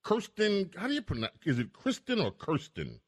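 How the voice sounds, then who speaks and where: A man's voice: fairly high pitch, huge pitch swings, brisk, husky, no room sound. A man hosting talk radio, chatting casually and dropping dry joking asides. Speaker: radio host.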